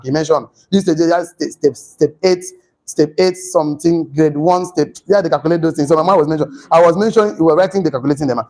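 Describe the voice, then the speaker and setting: A man lecturing a class, animated, repeating himself and putting questions to the room. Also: a little high, fast, low-quality recording.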